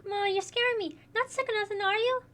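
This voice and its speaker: A woman's voice: extremely high pitch, steady tone, fast, a bit bright, a little hiss or hum, voice pushed up. A woman voicing a stammering little orphan boy. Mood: bossy. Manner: stammering, defensive. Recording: faint game music behind.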